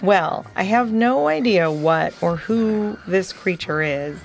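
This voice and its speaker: A woman voicing a brave, flying male dog hero who speaks in a calm, commanding, coaxing way. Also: mid-range voice, slow pace, creaky, over music. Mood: reassuring.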